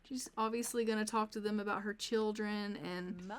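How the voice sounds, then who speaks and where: This gameplay narrator is a woman with a medium-pitched voice, fairly even intonation, and normal speed. She offers relaxed let's-play commentary on a life-sim game, chatting and speaking to her characters as she goes.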